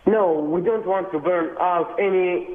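A man from Libya on a phone call, answering in halting, hesitant English. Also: high-pitched. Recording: tinny phone line.

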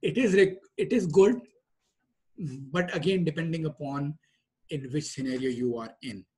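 A man's voice: on the high side, normal speed, a little mellow, slightly rough. A man teaching a lesson on emotional drives in a conversational way, with many fillers and restarts. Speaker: trainer. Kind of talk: lecture on group dynamics.

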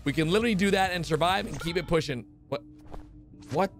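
A man's voice: on the high side, a little fast, soft background music. A man hosting a reaction video, exclaiming and gasping as he talks to viewers. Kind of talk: excitable reaction commentary.

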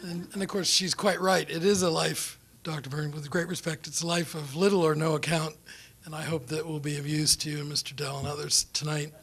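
A man's voice: on the high side, little pitch movement, fairly quick, vocal fry, a bit bright, husky. A middle-aged man from New Zealand with a New Zealand accent, giving an after-dinner foreign policy talk as a guest speaker, rambling and self-deprecating as he tells anecdotes. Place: lecture room or dinner venue.

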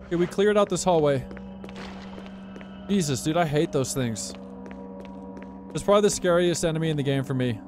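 An American man streaming a game live, his voice sitting somewhat high for a man. He chats with his viewers and reacts out loud to what happens on screen. Soft game music plays faintly behind him. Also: normal speed, long pauses. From United States. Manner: chatty and reactive, talks to viewers, yelps when startled. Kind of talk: live gameplay commentary.

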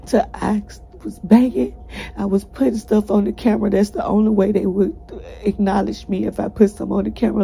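A woman's voice: mid-range voice, normal speed, creaky, dark tone, husky, low-quality recording. A woman tells viewers about her time in jail, urgent and pleading, out of breath and close to tears, her voice breaking as she talks. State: breathless, cried out. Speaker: person recounting a jail ordeal. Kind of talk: emotional first-person testimony to viewers.

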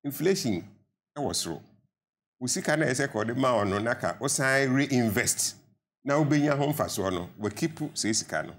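A man's voice: medium pitch, lively intonation, normal speed, fairly bright tone. Older man, Ghanaian accent, pensioner guest, earnest, insistent, emphatic appeals. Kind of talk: studio panel debate.

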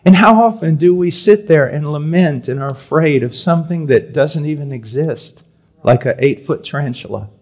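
Guy preaching, kinda high voice, goes loud then real quiet, repeats words over and over. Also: moderate pace. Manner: swings from loud emphatic reading to quiet confiding tones. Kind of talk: sermon. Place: church or conference hall.

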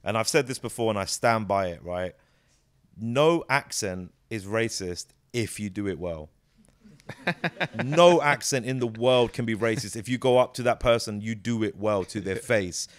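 A man, a comedian giving a casual interview, animated and jokey, swearing freely and slipping into quick character voices. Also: on the low side, dry recording. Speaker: comedian and actor, guest.

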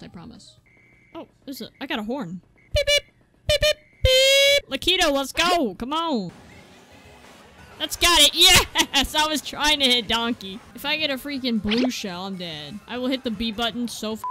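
A young woman commentates her gameplay in a high, bright voice that swings wildly up and down. She yelps, curses and laughs at her own mistakes. Faint game music plays underneath. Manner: excitable, yelps and swears, laughs at herself. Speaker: gaming video creator.

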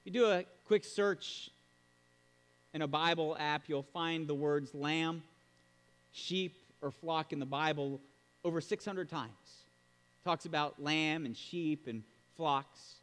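A man preaching a sermon as pastor, emphatic and animated, with sudden loud exclamations. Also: a little high, takes it slowly, in a large hall.

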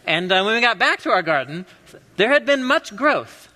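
Bright-voiced, animated preacher in a big hall. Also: male voice, sits high, normal speed. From US Pacific Northwest. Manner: animated, joking storyteller. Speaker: pastor. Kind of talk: conversational sermon. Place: church sanctuary. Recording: long reverb of a large hall.

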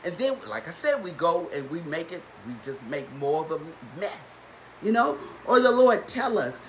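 Her voice sits on the low side and swings widely in pitch as she preaches at a moderate pace, fervently calling to the congregation and building her exhortations into shouts. It's a Bible study streamed live from a church or home, in a call-and-response manner. The audio is poor, with a slight hiss or hum.

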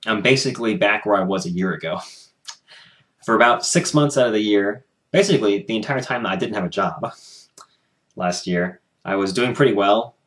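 A young man records a casual vlog at home, ranting in frustration and swearing freely. His voice sits a little low, and it comes through a plain camera mic. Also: moderate pace, a bit bright. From United States. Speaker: vlogger.

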